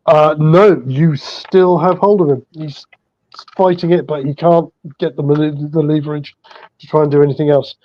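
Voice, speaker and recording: Higher-voiced male game master, lo-fi. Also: fairly even intonation, normal speed, dry recording. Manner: easygoing, laughs often. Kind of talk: narrating a tabletop game.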